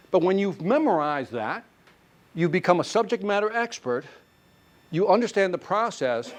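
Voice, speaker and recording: Male sales trainer, lively and fairly high-pitched, teaching a live class with lots of audience questions. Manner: animated, quizzes the audience with quick questions. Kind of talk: live sales seminar talk.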